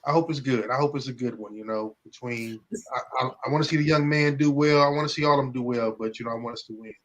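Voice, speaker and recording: A man's voice: mid-range voice, quick pace. A man co-hosting a podcast, talking in loose, profane casual chat and laughing often. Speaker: podcast co-host.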